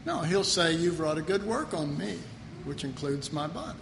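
High, animated preacher man in hall. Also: normal speed, vocal fry, slight background noise. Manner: animated, emphatic, rising pitch on key points. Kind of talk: sermon. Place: church hall. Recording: reverberant hall with faint ambience.

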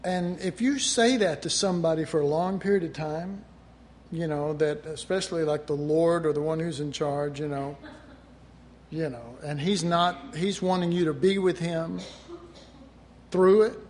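Middle-aged male preacher, slightly high voice, chatty sermon delivery, faint room hum. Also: steady tone, a little slow, darkish tone. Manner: conversational preaching, acting out quoted voices.

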